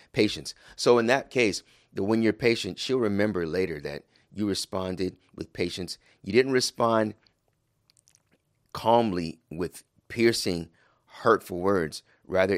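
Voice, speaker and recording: A man giving a religious talk to husbands, speaking calmly and measuredly, acting out quotes with energy and reciting Arabic quickly. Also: deep voice, dry recording, clean studio sound. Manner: calm, measured, with lively acted-out quotes. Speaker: Muslim speaker advising husbands. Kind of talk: religious talk to a male audience.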